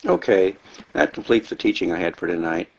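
A man's voice: deep voice, animated, fairly quick, vocal fry. A man closing a teaching session and moving on to homework. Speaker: Bible teacher. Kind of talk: class announcement. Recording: dull lo-fi with faint noise.

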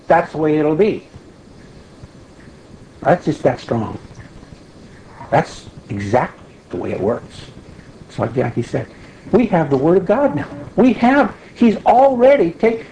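Animated man leading a Bible study. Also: fairly high pitch, slight background noise, poor audio. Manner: animated, emphatic, asks the group questions. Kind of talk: conversational Bible teaching.

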